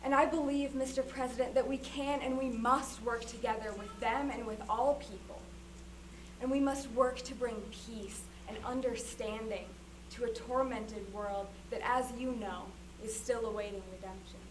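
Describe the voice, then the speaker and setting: A woman's voice: on the high side, fairly even intonation, moderate pace, slight background noise, rough recording. A woman giving an impassioned, solemn recitation of a formal speech. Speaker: performer.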